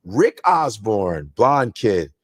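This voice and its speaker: A man, a comedian, telling comic stories on a podcast in a lively, animated way, jumping into loud comic voices. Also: lowish voice, extremely slow.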